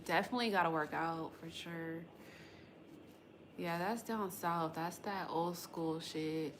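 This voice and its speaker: Woman, tarot livestream host, casual rambling chat, slangy, slow pace, faint background noise. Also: lowish voice. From West Coast of the United States.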